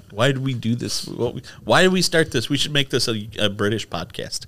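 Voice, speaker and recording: A man's voice: medium pitch, expressive, normal speed, vocal fry, fairly bright tone. A man co-hosting a casual tech podcast, chatty and rambling with lots of fillers. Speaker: podcast co-host. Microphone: studio microphone.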